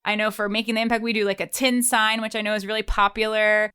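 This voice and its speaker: A woman's voice: mid-range voice, level tone, fast talker, bright, forceful tone, clear, resonant tone. A woman co-hosting a podcast, chatting with bubbly enthusiasm. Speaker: podcast co-host. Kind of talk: casual podcast chat.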